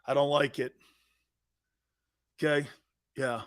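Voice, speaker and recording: A man hosting a sports talk show, telling stories in a casual, animated way, reading viewer comments and laughing hard at his own tales. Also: medium pitch, slow pace.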